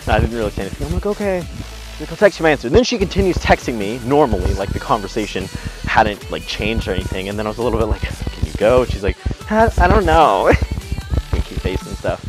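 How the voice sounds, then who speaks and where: A man's voice: fairly low pitch, lively intonation, quick pace, low-quality recording. A young man telling a story as he walks outdoors, rambling and blunt, swearing freely and acting out what each person said. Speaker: vlogger. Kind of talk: casual storytelling while walking. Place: outdoors on a windy walk. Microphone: handheld camera. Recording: windy outdoor camera audio over music.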